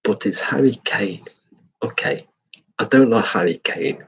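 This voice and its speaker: A man's voice: fairly low pitch, unhurried, a bit bright, slightly rough, dull audio. An English man giving an opinionated, rambling football match review, swearing freely. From England.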